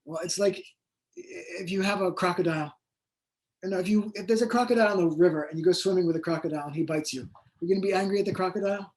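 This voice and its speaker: A man's voice: sits high, racing, a little mellow. A man who is an author guest in an interview, telling his story in a rambling, hesitant way with many fillers. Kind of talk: conversational interview.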